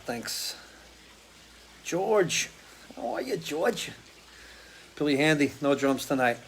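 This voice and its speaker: A middle-aged man from the US Northeast chats easily with his live viewers, calling out names one after another. His voice sits at an ordinary middle pitch and sounds slightly worn after a night of singing. He talks in an unhurried, friendly way. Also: a little hiss or hum. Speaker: musician hosting a live stream. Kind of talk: casual chat greeting viewers. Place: porch at home.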